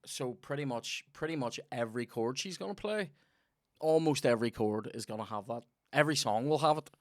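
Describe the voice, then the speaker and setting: Northern Irish man, comedy podcast storyteller, salty and animated, mid-range voice. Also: medium pitch, a little fast. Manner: sweary, animated anecdote-telling. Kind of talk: casual banter and storytelling.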